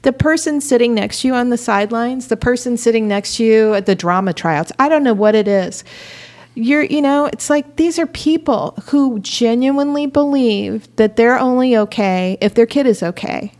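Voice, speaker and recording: A woman in a faith-based conversation, telling stories in an animated way and laughing as she talks. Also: a little high, normal speed.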